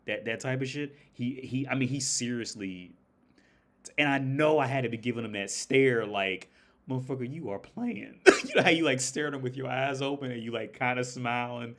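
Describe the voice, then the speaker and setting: A man's voice: medium pitch, moderate pace, fairly bright tone. An American man rambling casually on a livestream, swearing a lot and laughing often. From United States. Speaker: livestream host.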